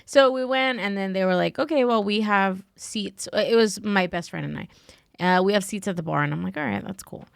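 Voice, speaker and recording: A woman's voice: mid-range voice, brisk, gravelly, no room sound, clean studio sound. A woman guest on a podcast, telling a story in casual chat, acting out the voices she quotes, with lots of "like" and "right?". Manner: says "like" and "right?" a lot.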